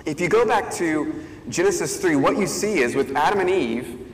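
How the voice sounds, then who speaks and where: A man's voice: fairly high pitch, expressive, moderate pace. A male pastor giving a conversational sermon, thinking aloud with fillers and restarts. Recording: echoey hall, faint ambience.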